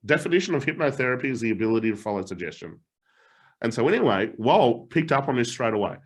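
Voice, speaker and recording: Middle-aged man, motivational coach, lively pitch, laughs a lot, swears casually. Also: fast talker, breathy edge. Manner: animated storytelling, laughs often, swears casually. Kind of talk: live online challenge talk.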